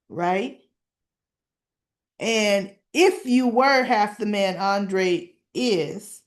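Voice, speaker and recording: Animated woman recapping soap scenes. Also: mid-range voice. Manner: animated retelling, acts out lines. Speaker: soap opera reviewer. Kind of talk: casual recap.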